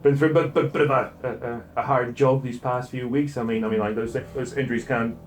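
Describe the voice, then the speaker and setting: A man's voice: mid-range voice, fairly even intonation, soft background music, lightly acted. A man voicing a friendly, weary male police sergeant who hedges and stumbles over his words. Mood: reassuring. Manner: halting, hedging, full of "I mean".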